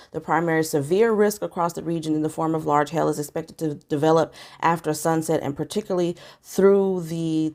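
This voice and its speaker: A woman's voice: low voice, gravelly, darkish tone. A woman vlogger chatting casually with viewers and reading news articles aloud. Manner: chatty, conversational, addresses viewers directly. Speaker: vlogger giving news updates. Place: home in California.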